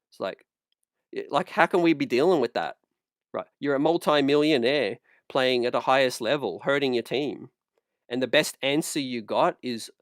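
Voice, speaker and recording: A man's voice: mid-range voice, normal speed, no room sound. Dry-voiced male sports fan host. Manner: conversational, peppered with "you know" and "man", worked up. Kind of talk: casual basketball fan commentary.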